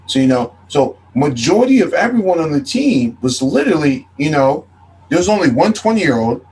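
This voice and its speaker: A man's voice: a little high, sing-song, normal speed, darkish tone, low-quality recording. A man co-hosting a podcast, running through facts casually and often saying "and whatnot". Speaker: podcast co-host. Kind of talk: casual chat.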